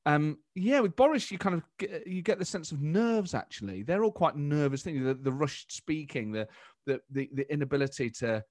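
A man from the of England, a comedian chatting as a guest, animated and quick to restart his sentences. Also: on the high side, no echo, studio quality. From Nottingham, England. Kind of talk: casual interview chat.

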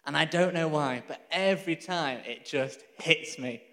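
A man preaching a sermon, telling a story in a lively, conversational way with laughs and asides. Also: a little high, measured pace, long reverb tail.

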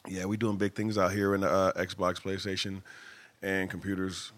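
A man's voice: sits low, flat delivery, normal speed, a bit bright. A man in his forties, a podcast guest, talking in a laid-back, slangy way. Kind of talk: casual podcast chat.

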